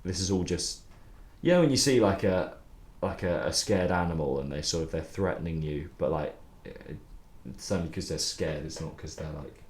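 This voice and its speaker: Young songwriter, low voice, loose rambling stream talk with swearing, recorded in an echoey room. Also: male voice, lively intonation, moderate pace, few pauses. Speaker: songwriter streaming his writing process. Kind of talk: casual livestream chat.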